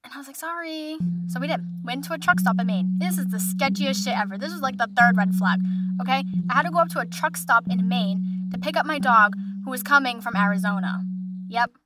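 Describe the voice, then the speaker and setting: A young woman and musician telling a storytime vlog in a chatty, animated way, with lots of filler words. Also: a little high, brisk, heavy background noise. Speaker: vlogger, musician.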